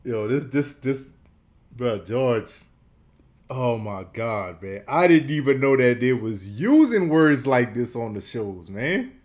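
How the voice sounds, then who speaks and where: A man's voice: medium pitch, lively intonation, takes it slowly, a little mellow. A man hosting a reaction video, talking in laid-back slang and laughing often. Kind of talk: casual reaction commentary.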